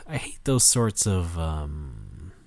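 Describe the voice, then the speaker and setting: A man's voice: rumbling low, very animated, slow pace, creaky, darkish tone, no room sound. A man co-hosting a podcast in casual chat, laid-back, wry and profane, often reading quotes aloud. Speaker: podcast co-host.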